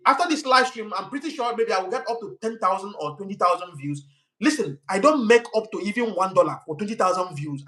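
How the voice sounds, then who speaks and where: A man's voice: high voice, sing-song, quick pace, bright, forceful tone, rough recording. A young Nigerian man with a Nigerian accent hosting a live stream, talking passionately with many restarts and heated outbursts at commenters.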